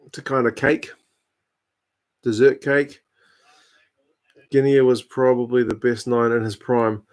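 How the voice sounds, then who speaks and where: A man's voice: mid-range voice, steady tone, unhurried, darkish tone. A man, chatting casually on a live stream as host, answering viewer comments while watching a rugby match.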